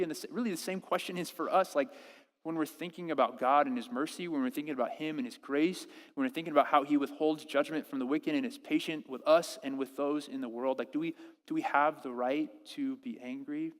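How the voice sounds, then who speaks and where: A man preaching a sermon as pastor, animated and acting out quoted prayers with halting restarts. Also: fairly high pitch, long reverb tail. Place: church service.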